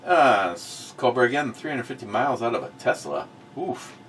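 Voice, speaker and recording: A middle-aged man hosting a casual talk show, blunt and profane, swinging from muttered asides to loud outbursts. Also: medium pitch, lively intonation, moderate pace, far from the mic, slight background noise. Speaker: host of a review show.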